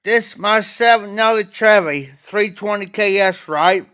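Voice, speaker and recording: A man with a drawl chats on a casual livestream, unhurried and rambling. His voice sits fairly high, with a bright, clean tone. He stops now and then to greet viewers by name. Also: clean tone. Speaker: pipe-smoking livestream host. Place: auction house, former bar room.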